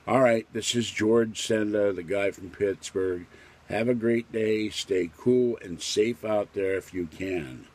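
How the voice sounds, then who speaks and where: An older man with a husky voice, rambling through a casual, matter-of-fact retelling of a strange dream in his own vlog. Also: fairly low pitch, takes it slowly, a little mellow. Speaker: vlogger recounting a dream. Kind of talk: casual storytelling monologue.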